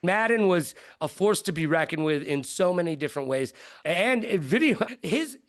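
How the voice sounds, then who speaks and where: Animated storytelling man, lively pitch. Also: normal speed. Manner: lively, jumps into high-pitched quoted voices. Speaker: guest broadcaster.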